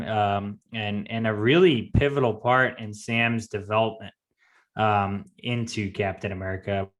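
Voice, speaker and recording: Halting man recapping on a podcast. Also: on the low side, fairly bright tone. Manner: halting, full of ums and uhs, recapping. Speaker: podcast co-host. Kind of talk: casual chat.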